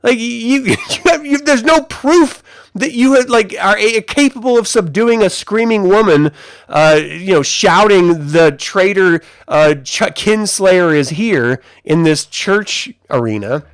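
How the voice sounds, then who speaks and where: A man giving a casual spoken review of a TV episode, animated and profane, rambling with lots of fillers. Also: high voice, measured pace, dry recording.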